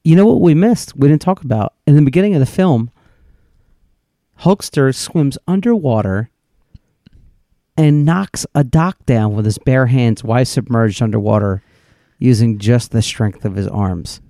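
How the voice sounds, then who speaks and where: A man's voice: mid-range voice, animated, warm tone, no echo, clean studio sound. Wry man chiming in with corrections. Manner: quick asides and corrections, wry. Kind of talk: casual movie review chat.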